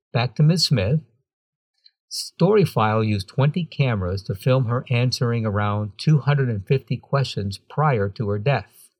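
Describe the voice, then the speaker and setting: Male host, husky voice, scripted read with wry deadpan asides, dry booth sound. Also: medium pitch, no echo. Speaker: podcast host.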